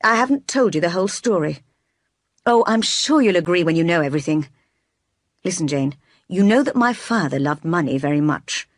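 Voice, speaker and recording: An impassioned, brooding gentleman, master of a great house, read by a woman narrator. He pleads and presses hard in an audiobook reading, pitched slightly low. The sound is dry and close, with no room around it. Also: expressive, moderate pace, no room sound. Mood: confessional. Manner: pleading and impassioned, sometimes forceful.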